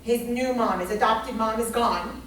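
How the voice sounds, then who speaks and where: High-voiced woman teaching, swearing freely. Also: a little slow. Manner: emphatic and profane, swinging from hushed to shouting. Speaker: astrology teacher. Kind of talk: informal lecture to a small class. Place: indoor room with a group. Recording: very echoey room, mic far off, faint hiss.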